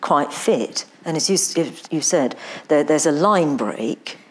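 A woman's voice: low-pitched, animated, unhurried. A woman tutor running a mock admissions interview, repeating words as she asks probing questions. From England.

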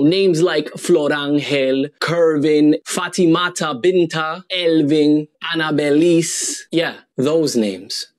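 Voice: medium pitch, darkish tone. An educator giving a direct, earnest scripted address in a video.

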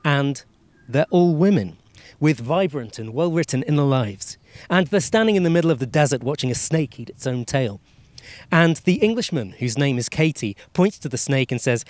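A man telling a long, rambling joke as a scripted comic monologue in a deadpan way. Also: on the high side, moderate pace, dry recording. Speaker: comedian, narrator.

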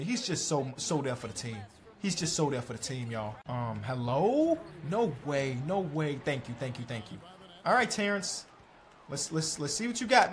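A young man commenting on his own basketball video game as he plays, talking to the players on screen, mocking himself and shouting at big plays. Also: a little high. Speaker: gaming YouTuber.

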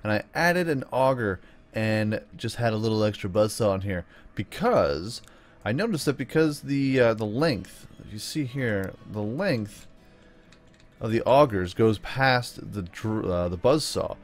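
A man's voice: on the low side, measured pace. Upbeat man doing game commentary. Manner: upbeat, chatty, with excited whoops and yells during fights. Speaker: gaming YouTuber. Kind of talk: let's play commentary.

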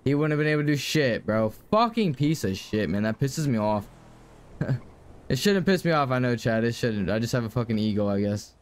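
A man's voice: medium pitch, very animated, fairly quick, a little hiss or hum. Profane young man ranting to stream chat. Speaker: game streamer. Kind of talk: casual live-stream chat.

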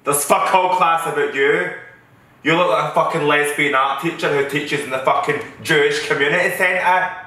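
A man's voice: a little high, steady tone, moderate pace, bright, forceful tone. Man playing a sweary Scottish mum, spitting rage. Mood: insulting. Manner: swearing, aggressive, defensive. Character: foul-mouthed working-class Scottish mother, combative. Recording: echoey room.

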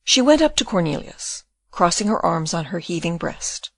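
Brief: female audiobook narrator, measured expressive delivery, close dry mic. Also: lowish voice, dry recording. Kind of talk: scripted narration of a novel.

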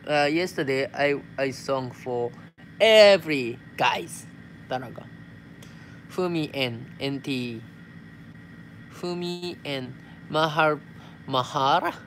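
A man's voice: mid-range voice, slight background noise. A young man from Japan with a Japanese accent, chatting casually on a live stream as he reads out viewer messages and replies in simple English sprinkled with Tagalog words. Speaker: vlogger.

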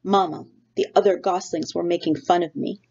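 A woman's voice: on the low side, fairly even intonation, moderate pace, a little mellow. A woman reading aloud voices a young male gosling who talks in a childlike, questioning, whiny way. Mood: sulky. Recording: dull lo-fi recording.

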